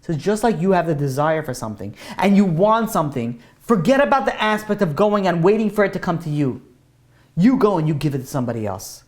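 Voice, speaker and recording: A man's voice: high-pitched, a little mellow. A man giving an informal Torah class as a rabbi, talking emphatically and repeating his point, with a loose, casual way of speaking full of "like.". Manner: emphatic, repetitive, casual with many "like" fillers.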